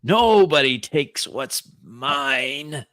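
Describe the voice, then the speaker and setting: A man's voice: medium pitch, animated, extremely slow, a bit bright, no echo, clean studio sound, pitched above the performer's own voice. A man voicing a frail, older male villain who speaks through a giant robot, menacing and gloating at thieves.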